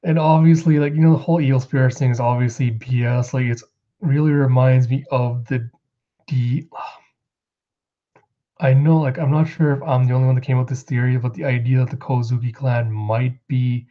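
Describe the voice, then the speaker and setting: A man casually recapping comic chapters as a show host, rambling and acting out character lines in quick put-on voices. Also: medium pitch, fairly even intonation, mellow, dull audio. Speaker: manga reviewer.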